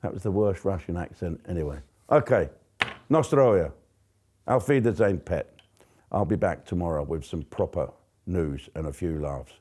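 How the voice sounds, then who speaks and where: A man's voice: low-pitched, expressive, moderate pace, mellow, husky. Sweary man ranting. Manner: profane, ranting, sarcastic. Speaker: comedian host. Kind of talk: comic news rant.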